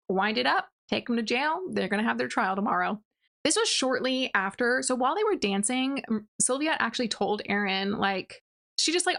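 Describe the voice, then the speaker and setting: A young woman giving a casual rant review of a novel, retelling the plot in a chatty way with lots of "like" and quick acted-out quotes. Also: medium pitch, creaky, fairly bright tone. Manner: chatty, many "like"s, acts out quotes in passing. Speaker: book reviewer.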